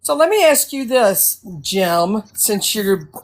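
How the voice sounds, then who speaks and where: A woman's voice: mid-range voice, sing-song, slow, crowd noise. A woman speaking up in a live audio debate, defensive and argumentative. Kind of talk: heated political argument.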